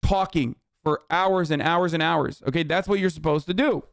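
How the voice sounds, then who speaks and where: A young male streamer with a fairly high, clean voice rants at a news clip at a moderate pace, full of exasperated, profane commentary and filler words. It's a live-stream reaction, recorded dry and studio quality.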